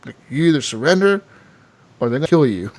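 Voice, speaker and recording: In a casual gaming podcast chat, this male co-host wanders through game stories, peppering them with "like" and "dude." He speaks a little fast in a mid-range voice that swings widely in pitch, with a darkish tone.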